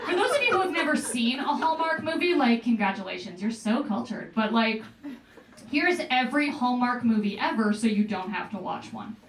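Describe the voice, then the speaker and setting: A young woman performing a stand-up comedy set in a club, with a deadpan delivery and playful asides. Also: a little high, normal speed. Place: comedy club stage with live audience. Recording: roomy club sound heard from a distance. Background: audience laughing.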